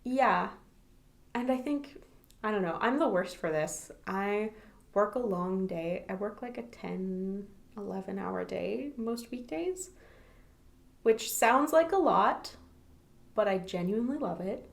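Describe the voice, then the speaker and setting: A woman's voice: medium pitch, animated, takes it slowly, creaky. A woman co-hosting a podcast, talking casually about a book and laughing often. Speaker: podcast co-host.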